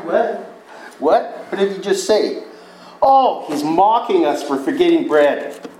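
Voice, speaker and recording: A man voicing frightened male disciples in a squeaky, flustered high voice. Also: very animated, unhurried, a little mellow, slight background noise. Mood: baffled. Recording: echoey room.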